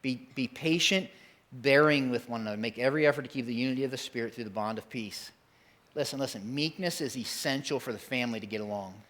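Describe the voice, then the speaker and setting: A man's voice: mid-range voice, a bit bright. A middle-aged man preaching a sermon as pastor in a church, in a conversational, emphatic way. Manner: conversational, emphatic, acts out quick voices.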